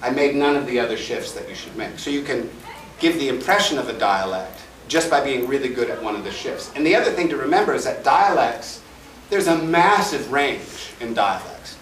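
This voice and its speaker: A man teaching a voice-acting panel at a convention, animated and joking as he demonstrates sounds and takes questions from the audience. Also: mid-range voice, fairly quick, a little hiss or hum. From Chicago. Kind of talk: lively panel talk with audience Q&A. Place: large convention panel room. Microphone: fan camera from the audience, far from the speaker. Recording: echoey hall recorded from far off.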